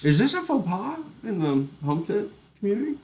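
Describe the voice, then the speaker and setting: A man's voice: sits high, very animated, fairly quick, a little mellow, faint music behind. A man in his forties joining a casual live chat, joking and self-mocking in a dry way. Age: 40s. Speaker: host's partner.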